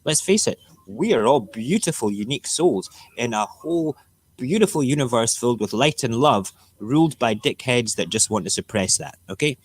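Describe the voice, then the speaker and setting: A man's voice: medium pitch, lively intonation, moderate pace, breathy edge, no echo. A man hosting a casual live morning show, ranting, mocking and joking about the news. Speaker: radio show host. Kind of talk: casual live-stream commentary.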